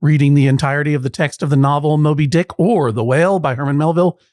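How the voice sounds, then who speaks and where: A man's voice: on the high side, fairly even intonation, fast talker, a little mellow, no room sound, clean studio sound. A man hosting a comic mock courtroom show, wry and playful with rambling asides. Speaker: podcast judge host.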